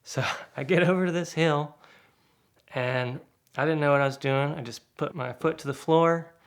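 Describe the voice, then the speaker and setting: A man telling a casual spoken anecdote in a lively way, acting out the other people's lines. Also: normal speed. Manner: lively, acts out quoted voices with sudden pitch jumps. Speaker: guest storyteller.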